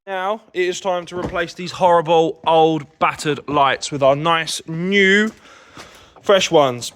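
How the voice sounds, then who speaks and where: Bright-voiced man, casual car vlogger who talks you through each job. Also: a little high, slow, a little hiss or hum. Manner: chatty, explains as he works. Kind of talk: casual how-to vlog.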